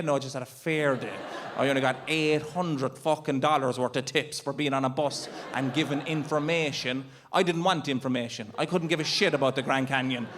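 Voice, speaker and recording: A man's voice: on the high side, fairly bright tone, slight background noise. An Irish man doing stand-up, telling an exasperated, swearing story on stage and acting out his own panic. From Ireland. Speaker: stand-up comedian. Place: comedy stage before a live audience.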